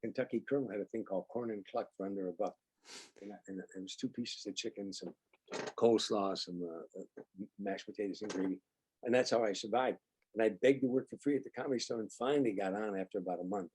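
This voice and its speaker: Older male comic guest, husky timbre, spins anecdotes with voiced dialogue. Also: lowish voice, fast talker. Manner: animated anecdotes, acts out quoted dialogue. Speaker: guest comedian. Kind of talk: storytelling interview.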